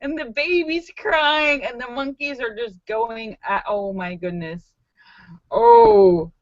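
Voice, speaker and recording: A woman hosting a casual live stream from home, chatting with viewers and telling stories with animated voiced reactions. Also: a little high, unhurried, dry recording. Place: home in Los Angeles. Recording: dull lo-fi sound.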